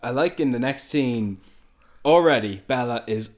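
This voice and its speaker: A man's voice: mid-range voice, expressive, measured pace. A man co-hosting a podcast, earnestly recapping film scenes in detail. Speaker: podcast co-host. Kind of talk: casual film discussion.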